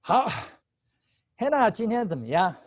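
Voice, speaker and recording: A man's voice: sits high, sing-song, measured pace, dry recording. A male teacher running an online class, patient, switching between Chinese and English and laughing often. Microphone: video call. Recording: slightly dull video call audio.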